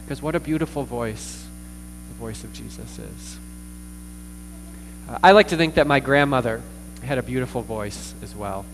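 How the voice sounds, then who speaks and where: A man preaching a sermon as pastor, earnest, with pauses, fillers and repeated words. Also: mid-range voice, over music. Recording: distant reverberant hall with mains hum.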